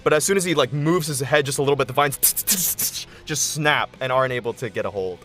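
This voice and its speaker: A man narrating a tabletop game as game master, relaxed and rambling with restarts. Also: mid-range voice, a little fast, faint music behind.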